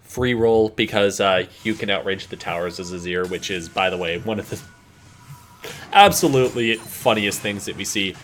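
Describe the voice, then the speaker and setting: A man's voice: on the low side, moderate pace, a bit bright, faint music behind. A man doing play-by-play esports commentary with jokey, playful banter. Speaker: esports caster.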